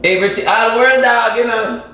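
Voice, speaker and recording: A man's voice: very high-pitched, steady tone, moderate pace, bright, forceful tone. A man with a Jamaican accent giving sassy, dramatic gossip commentary in a reaction video. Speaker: social media commentator. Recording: very echoey room with faint noise.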